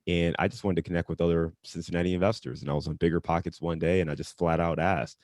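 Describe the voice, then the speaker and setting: A man who invests in real estate, talking casually on a webinar in a relaxed way with frequent fillers. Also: low-pitched, fast talker, hardly any pauses, dry recording, studio quality.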